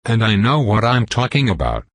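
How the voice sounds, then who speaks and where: A man's voice: lowish voice, big pitch swings, normal speed, no echo. A man voicing a boastful, grouchy older male riverboat pilot with a Southern accent, rambling in a folksy, self-important way.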